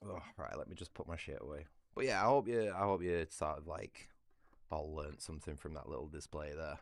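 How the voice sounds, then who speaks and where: A man's voice: extremely low pitch, fairly quick, no echo. A British man chatting casually on a livestream, rambling and swearing freely.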